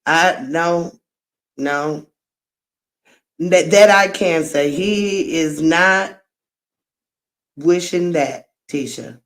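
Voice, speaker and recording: A woman's voice: sits low, very slow, pauses often. A woman hosting a live reaction commentary, frank and exclaiming, with laughing asides. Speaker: host.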